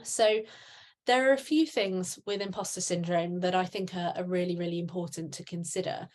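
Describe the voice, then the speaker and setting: A woman's voice: on the low side, fairly even intonation, moderate pace, darkish tone. A middle-aged woman presenting a webinar, explaining in a chatty way with fillers and restarts. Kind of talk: webinar talk.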